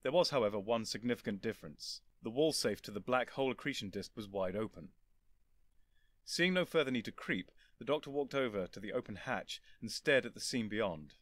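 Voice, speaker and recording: Expressive male audiobook narrator. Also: fairly low pitch, a little fast, dry recording, clean studio sound. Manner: lively, expressive storytelling.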